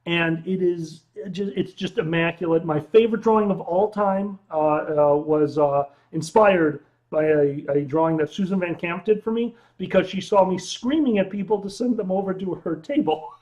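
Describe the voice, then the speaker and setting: A tipsy man co-hosting a drinking livestream, loud and excitable and swearing freely. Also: sits high, normal speed, few pauses, dull audio. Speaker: livestream co-host. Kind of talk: casual drinking livestream chat.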